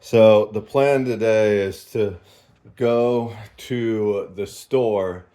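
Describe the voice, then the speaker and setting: A sleep-deprived man in a casual vlog, talking in a halting, rambling way and short of breath. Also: fairly low pitch, steady tone, mellow. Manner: rambling, halting, with fillers and laughs. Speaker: vlogger.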